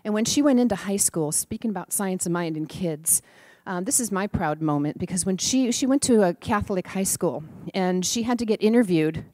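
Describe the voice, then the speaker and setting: Middle-aged woman, lively sermon storyteller, dry close mic. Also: mid-range voice, brisk, no room sound. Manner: animated storyteller, acts out voices, laughs often. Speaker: student minister giving a talk.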